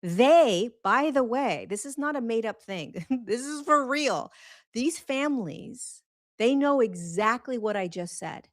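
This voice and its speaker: A woman hosting a live spiritual talk show, speaking earnestly and emphatically, repeating phrases for stress and slowing right down on key words. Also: on the high side, lively intonation. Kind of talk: live-streamed spiritual monologue.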